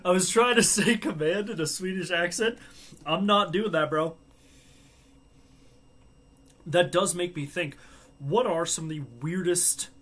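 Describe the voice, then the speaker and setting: A man's voice: a little high, fairly bright tone. Chatty joking man hosting a live stream. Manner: chatty, joking, laughs at own asides. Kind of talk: casual live watchalong chat.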